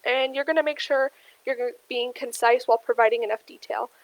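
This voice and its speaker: A young adult woman presents a lesson in a steady, explaining way, often pausing on ums. Her voice sits a little high for a woman. The recording is dry and close, with no room sound. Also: dry recording, rough recording. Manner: steady explainer with frequent ums, addresses "you guys". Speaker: career workshop presenter. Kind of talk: instructional presentation.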